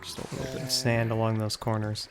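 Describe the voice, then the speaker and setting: A man's voice: fairly low pitch, level tone, fast, music in the background. A young man casually commenting on his own game tutorial, musing aloud, repeating phrases, a little out of breath. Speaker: Minecraft YouTuber.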